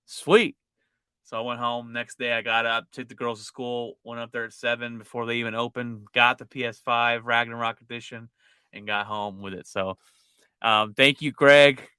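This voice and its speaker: Podcast co-host, male, very bright and smooth voice, dry close sound, animated storyteller. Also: mid-range voice, a little fast, no echo. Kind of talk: casual chat.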